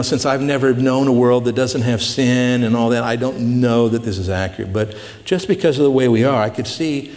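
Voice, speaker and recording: A man's voice: medium pitch, darkish tone. Folksy pastor, man, in a reverberant hall. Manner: folksy, asks the audience questions. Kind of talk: conversational sermon, Bible teaching.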